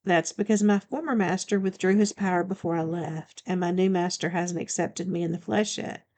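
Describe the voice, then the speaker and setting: A woman voicing a young-looking female vampire in an audiobook, talking quickly and defensively. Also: on the low side, steady tone, a little mellow, natural voice.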